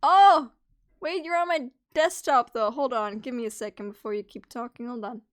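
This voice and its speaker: A woman's voice: fairly high pitch, lively intonation, brisk. A young woman live-streaming in casual chat, teasing her friends playfully and swearing freely.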